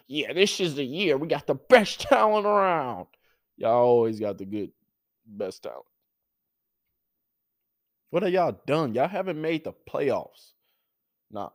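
A young man hosting a sports podcast in casual talk, swearing freely and calling out players and fans directly. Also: mid-range voice. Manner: profane, animated, talks straight to players and fans.

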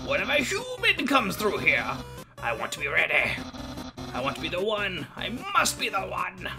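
A man voicing a loud, boastful skeleton in a high shouting cartoon-villain voice. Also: wildly swooping pitch, moderate pace, over music, full character voice. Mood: bossy.

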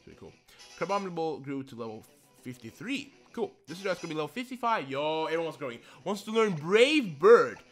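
A young man giving casual commentary while playing a video game, excitable and swearing, with many apologies. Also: a little high, brisk. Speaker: let's play gamer. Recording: game music behind the voice. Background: faint game music.

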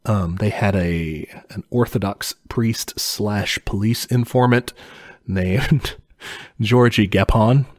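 A man's voice: lowish voice, slow pace, darkish tone, no room sound, studio quality. A man co-hosting a casual podcast, telling history in a laid-back way with chuckles and casual swearing. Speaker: podcast co-host explaining history.

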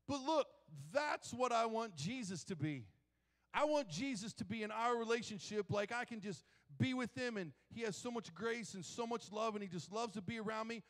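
A man delivers a sermon as pastor, spinning funny stories with animated energy. His voice sits a little higher than most men's. Long reverb from a church sanctuary trails each phrase. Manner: animated, joking storyteller.

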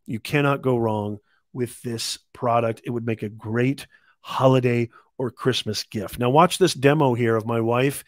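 A man's voice: mid-range voice, measured pace, dry recording, studio quality. Hyped man pushing deals. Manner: hyped salesy, repeats calls to add to cart. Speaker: host of live shopping stream. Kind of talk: live deal-hunting stream.

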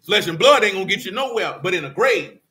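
A man leading a Bible study in a folksy, animated preaching style, quizzing his listeners and calling them "boy" and "man". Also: sits high, fast talker.

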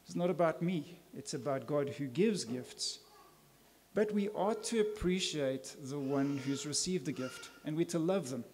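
Male pastor, slightly raised pitch, emphatic church sermon delivery. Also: animated, a little slow, darkish tone. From South Africa. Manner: earnest, emphatic preaching with rhetorical questions.

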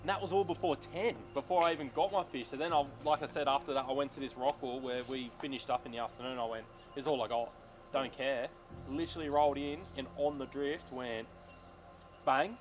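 A man's voice: medium pitch, a little fast, faint music behind. A young Australian man, a tournament angler, chatting casually and acting out sounds as he recaps his fishing day. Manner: animated storyteller, acts out sounds and quotes.

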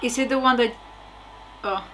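A woman's voice: fairly high pitch, moderate pace, pushed and bright, a little hiss or hum. A young woman casually reacting aloud to a TV episode, exclaiming, swearing and laughing between remarks. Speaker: reaction video host.

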